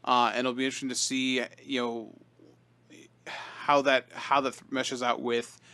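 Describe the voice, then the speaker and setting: A man's voice: mid-range voice, level tone, a little slow, bright, forceful tone, clear, resonant tone. A man co-hosting a casual podcast, talking things over with lots of fillers and restarts. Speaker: podcast co-host. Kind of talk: casual chat about card game.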